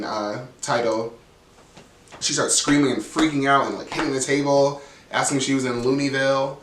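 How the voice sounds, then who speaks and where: A man's voice: mid-range voice, normal speed, fairly bright tone, a little hiss or hum. Sassy profane man in echoey room. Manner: sassy, blunt, profane, frequent "like". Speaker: reality TV recap host. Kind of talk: casual commentary. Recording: echoey room, mic at a distance.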